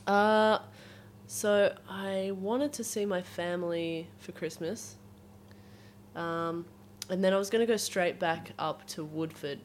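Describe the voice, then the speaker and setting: 一个带澳大利亚口音的女人，声音偏低，语气坦率爱开玩笑，背景有轻微噪声。. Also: female voice, fairly low pitch, slow, a little hiss or hum. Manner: joking, laughs often, frank. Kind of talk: casual chat.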